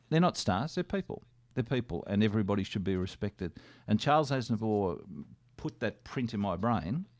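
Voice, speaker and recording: An older man with an Australian accent, a radio guest telling lively anecdotes and acting out quoted dialogue. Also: medium pitch, no room sound. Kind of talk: casual storytelling.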